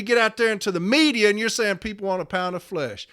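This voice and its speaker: A man's voice: sits high, lively intonation, brisk, few pauses, fairly bright tone. A man in his fifties, a podcast host and letter carrier, delivering a furious, profane, confrontational rant. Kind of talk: angry rant.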